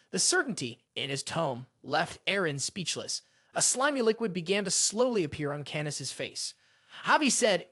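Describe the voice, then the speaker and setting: Lively-pitched recap narrator, dry close sound. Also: normal speed, dry recording. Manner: reads all characters' lines in the same narrating voice. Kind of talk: dramatic story recap narration.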